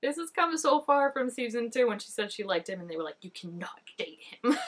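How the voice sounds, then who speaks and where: A woman's voice: fairly high pitch, big pitch swings, brisk. A young adult woman reacting to a TV episode in a casual, chatty way. She uses lots of fillers, laughs often and makes mock-dramatic exclamations at the screen. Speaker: TV reaction vlogger.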